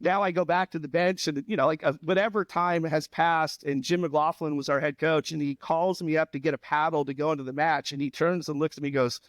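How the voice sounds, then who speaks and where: A middle-aged man with a fairly high voice spins a long, animated story and chuckles along the way. It is a casual podcast chat recorded up close in a dry, dead space. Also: brisk, hardly any pauses, no echo. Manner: animated anecdote teller, laughs at own stories. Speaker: head coach, podcast guest.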